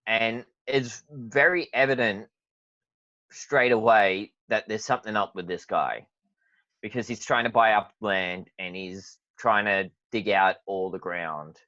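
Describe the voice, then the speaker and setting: A man's voice: fairly low pitch, a little slow, pushed and bright, no room sound. A laid-back male podcast co-host, agreeable and rambling, with plenty of "like". The mic sounds a little muffled and lo-fi. It is dry, with no room sound. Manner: easygoing, agreeable, lots of "like". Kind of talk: casual chat reviewing a cartoon.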